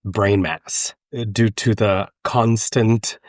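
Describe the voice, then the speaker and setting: A man from Mexico with a Mexican accent, a guest telling lively anecdotes in a casual chat. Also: lowish voice, slow, dry recording, studio quality. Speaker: guest opera tenor.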